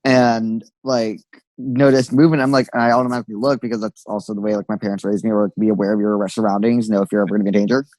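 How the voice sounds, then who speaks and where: A young man chats on a podcast in an animated storytelling way. He acts out sassy retorts and swears casually. The sound is close and dry, with no room around it. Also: lowish voice, fast talker, dry recording, rough recording. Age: young adult. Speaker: podcast co-host. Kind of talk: casual chat.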